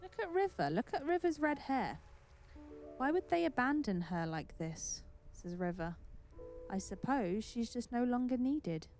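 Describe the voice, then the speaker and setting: Game music plays under this woman's stream commentary as she chats away, exclaims, and mocks herself mid-game. Her voice runs high and a little mellow, very animated but unhurried.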